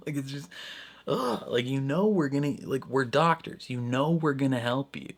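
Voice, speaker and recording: A man's voice: mid-range voice, normal speed. A man giving casual reaction commentary on a show, rambling and full of fillers, often laughing. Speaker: reaction video host.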